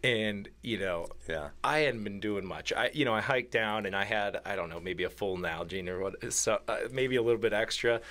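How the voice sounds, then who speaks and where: A man's voice: on the low side, normal speed. Laid-back man telling a hunting story. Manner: animated, laughing, acts out quoted lines. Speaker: podcast guest. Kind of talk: casual storytelling.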